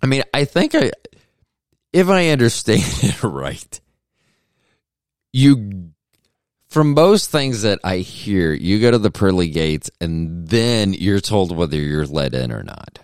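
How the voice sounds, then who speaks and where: A man with a very low voice talks alone into a podcast mic, joking and wandering off on tangents. His pitch jumps around a lot as he teases himself, and the sound is dry and close, with no room around it. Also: big pitch swings, takes it slowly, a little mellow, smooth, dry recording. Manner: joking, self-deprecating, wandering asides. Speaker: podcast host. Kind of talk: rambling solo podcast monologue.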